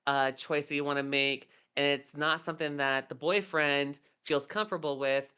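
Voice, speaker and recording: Woman in her thirties, podcast co-host, rambling anecdotes, bright smooth tone. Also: deep voice, fairly even intonation, moderate pace. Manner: rambling storyteller, many fillers. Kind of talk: casual chat.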